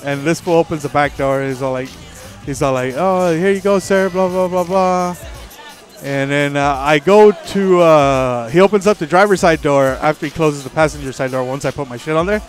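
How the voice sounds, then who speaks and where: Profane, animated male streamer. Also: fairly high pitch, fairly quick, hardly any pauses, faint music behind. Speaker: livestream host. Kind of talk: casual storytelling on stream.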